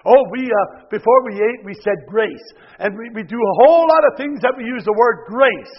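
A man preaching a sermon, swinging from loud exhortation to hushed near-whispers, often repeating words and restarting. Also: extremely high pitch, expressive, normal speed. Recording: dull lo-fi recording with long hall reverb.

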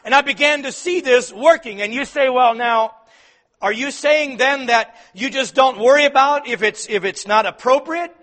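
A man preaching a sermon to fathers, swinging from loud emphatic peaks to soft, quiet asides. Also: very high voice, normal speed.

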